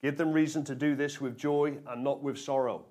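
A pastor preaches to his congregation with energy, pressing them for answers and leaning hard on repeated phrases. His voice sits at an ordinary middle pitch for a man. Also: normal speed. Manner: energetic, call-and-response with congregation, emphatic repetition. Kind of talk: sermon.

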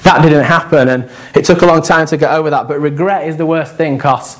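A man preaching a conversational sermon, animated and joking, with asides to the congregation. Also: a little high, a little fast, rough recording.

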